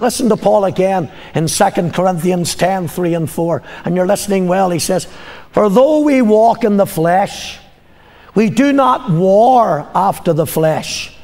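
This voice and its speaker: High, gravelly older preacher. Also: male voice, in a large hall. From Northern Ireland. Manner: emphatic preaching, repeats lines for effect; calls for congregation responses. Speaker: pastor. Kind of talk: sermon.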